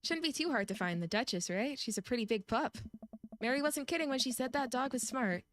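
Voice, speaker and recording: A woman's voice: high voice, animated, a little fast, slight background noise, voice pushed up. A woman voicing an earnest goth dad who confesses he is secretly ordinary, reading game dialogue aloud. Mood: deadpan.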